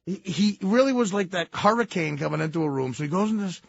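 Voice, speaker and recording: A man telling casual, animated anecdotes, often breaking into laughter as he talks. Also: high voice, fast, gravelly, no room sound. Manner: animated, laughing storyteller, full of fillers. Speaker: storyteller, guest. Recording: dull lo-fi sound.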